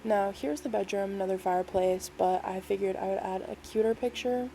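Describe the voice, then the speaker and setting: Mellow-voiced woman rambling casually. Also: medium pitch, brisk, creaky, a little hiss or hum, poor audio. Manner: rambling, filler-heavy, lots of "like" and "um"; self-deprecating, easygoing. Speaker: game build creator. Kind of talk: casual voice-over walkthrough.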